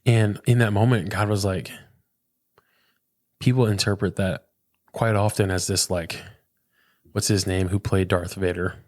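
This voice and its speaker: A man's voice: low voice, fairly even intonation, unhurried, pauses often, a little mellow, no echo, clean studio sound. A man in his thirties, a pastor, talking earnestly and reflectively in a casual interview, often saying "man" and "dude". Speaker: pastor, podcast guest.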